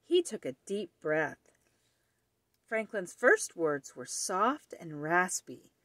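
Slow, expressive woman storyteller. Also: lowish voice, dry recording, studio quality. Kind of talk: children's read-aloud.

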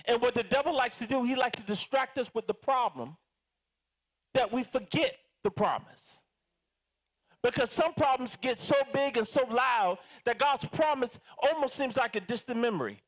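A man preaching a sermon as pastor, animated and calling out to his congregation for responses. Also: extremely high pitch, normal speed. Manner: animated, dramatizing prayers in different voices.

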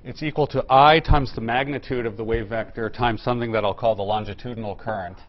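A man's voice: medium pitch, fairly even intonation, quick pace, muffled recording, slight background noise. A man giving a technical physics lecture, explaining step by step with fillers and restarts. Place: lecture room.

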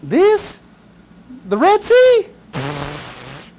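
A male pastor preaching a sermon, animated and casual, with shouted bursts and playful mock voices. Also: very high-pitched, normal speed, slight background noise. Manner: casual slangy talk.

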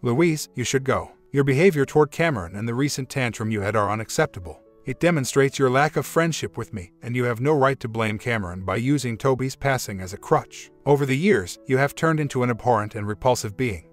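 A man reading the part of a stern, vehement widowed woman in a story, with firm, measured delivery. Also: mid-range voice, expressive, soft background music, natural voice.

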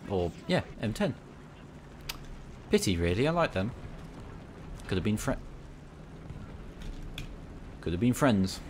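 A man's voice: fairly low pitch, very animated, slow pace, pauses often, darkish tone, slight background noise. A young British man playing a tank game and talking through it in rambling, cheeky banter. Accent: British English. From Britain. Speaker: gaming channel host.

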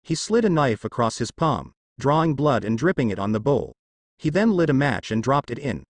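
A man reading fanfiction aloud in a steady storytelling way. His pitch moves lively, and the sound is dry and close. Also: normal speed, dry recording. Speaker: story reader. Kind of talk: fanfiction narration.

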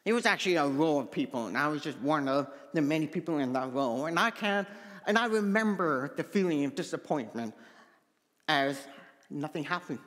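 A man's voice: fairly high pitch, animated, normal speed, fairly bright tone, long reverb tail. A man from Manitoba who speaks with a deaf accent, giving an earnest personal testimony as pastor in a sermon. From Manitoba, Canada. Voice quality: deaf speech, hard-of-hearing accent. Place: church sanctuary.

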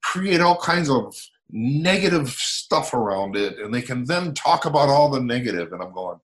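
A man's voice: medium pitch, normal speed. An American man in his sixties, a motivational speaker telling stories in a casual conversation and acting out the dialogue. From United States. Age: 60s. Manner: animated storyteller, acts out quoted dialogue.

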